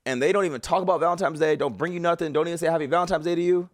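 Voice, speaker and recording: A man giving casual, animated reaction commentary as a streamer, slangy and swearing freely. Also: on the high side, rapid-fire, few pauses.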